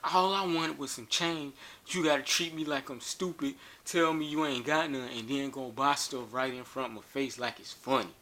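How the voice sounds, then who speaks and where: A man voicing a big, angry homeless man who rants loudly about his hard life. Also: mid-range voice, steady tone, normal speed, voice pushed up. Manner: loud, ranting and complaining.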